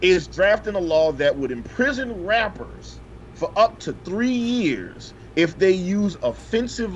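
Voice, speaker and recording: A man co-hosts a loose podcast, reading an article with cursing and jokey side comments. His voice sits a little high and swoops around a lot. The audio is slightly dull, with faint noise under it. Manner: animated, profane, joking asides while reading. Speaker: podcast co-host. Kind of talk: casual chat, reading news aloud.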